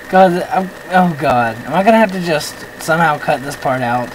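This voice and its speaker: A man hosting a let's-play, giving excitable commentary, often yelping at the game, with self-mocking rambling asides. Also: fairly high pitch, moderate pace, hardly any pauses, a little hiss or hum, rough recording. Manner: excitable, yelps and shouts at the game. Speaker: gaming channel host.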